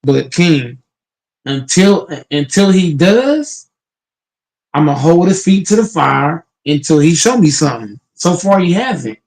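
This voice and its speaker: A man's voice: fairly high pitch, sing-song, a little slow, a little mellow, low-quality recording. A man hosting a casual online sports panel, talking emphatically and profanely, often repeating words as he restarts.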